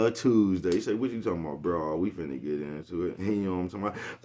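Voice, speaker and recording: A man's voice: sits low, fairly quick, few pauses. A young man rambling in a casual vlog monologue, laughing often and swearing heavily. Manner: laughs often, crude slang, keeps asking "you know what I'm talking about". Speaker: vlogger.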